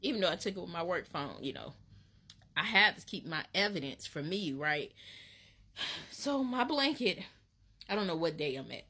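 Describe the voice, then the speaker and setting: A woman from Alabama, telling a casual storytime in an animated, dramatic way with laughs. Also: fairly low pitch, moderate pace, pauses often, breathy edge. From Alabama, USA. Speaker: vlogger.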